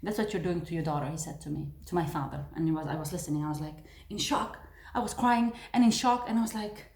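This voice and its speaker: A woman's voice: lowish voice, fast, hardly any pauses, darkish tone, roomy sound. A woman earnestly telling a personal memory to the camera in a vlog. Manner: earnest, emotional retelling of a memory. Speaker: video creator.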